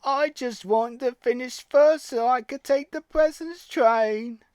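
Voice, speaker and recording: A man voicing a vain, excitable young male steam engine in an audio storybook, speaking high and eagerly, over loud music. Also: slow, clean tone, no room sound. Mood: sheepish.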